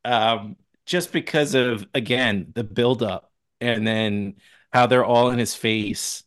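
A man co-hosting a podcast, relaxed, talking about favorite film scenes and acting out the quoted lines. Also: medium pitch, slow, dry recording. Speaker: podcast co-host. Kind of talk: casual movie review chat.

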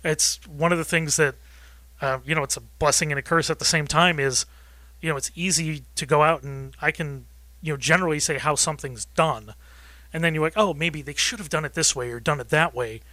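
A man's voice: fairly high pitch, brisk, pushed and bright, no echo. A man appearing as a guest on a radio show, talking about food with enthusiasm and ease. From Rochester, New York. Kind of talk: casual radio interview.

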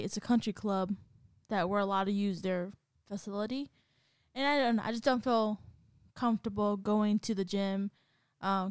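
A woman's voice: medium pitch, clean tone, dry recording, studio quality. A young woman co-hosting a podcast, telling a story in casual chat with lots of fillers and restarts. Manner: rambling, filler-heavy storytelling. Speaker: podcast co-host.

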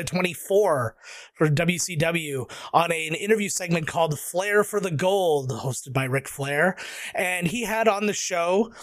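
A man on a podcast panel, telling a long story in a casual, animated way. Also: sits high, dry recording.

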